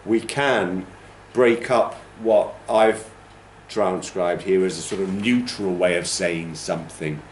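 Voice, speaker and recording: A man's voice: low voice, takes it slowly, few pauses, echoey room, a little hiss or hum. A man teaching a training class, explaining pronunciation and demonstrating stress patterns aloud. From United Kingdom. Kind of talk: classroom lecture.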